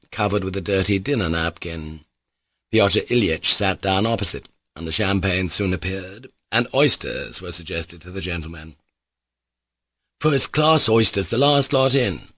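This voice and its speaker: A man narrating a classic novel as an audiobook in a steady, measured way. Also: deep voice, slightly rough, dry recording. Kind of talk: scripted narration.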